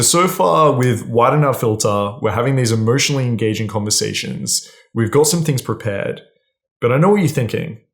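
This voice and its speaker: A man giving casual, blunt dating advice straight to camera, swearing freely and often checking in with "right?". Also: mid-range voice. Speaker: dating coach.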